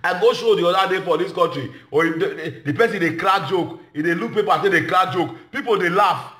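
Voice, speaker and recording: Nigerian Pidgin-speaking male comedian, high voice, passionate speech in a roomy space. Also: fairly quick, bright, forceful tone. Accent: Nigerian Pidgin English. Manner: emphatic, repetitive, shifts between Pidgin and English. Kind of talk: impassioned speech to a gathering.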